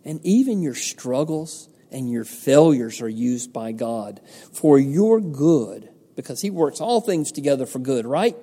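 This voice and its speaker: A man delivers a sermon at an unhurried pace, his voice mellow and warm. He preaches earnestly, putting rhetorical questions to his listeners and answering them himself. His words ring with the long reverb of a large hall. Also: medium pitch, animated. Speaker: pastor.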